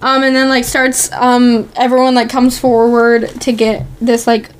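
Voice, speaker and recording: A woman with a notably high voice chats casually as a podcast co-host. Her talk is loose and giggly, full of "like" and "um". She keeps an easy, unscripted flow. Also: monotone, a little slow. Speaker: podcast co-host recapping a TV episode. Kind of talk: casual chat.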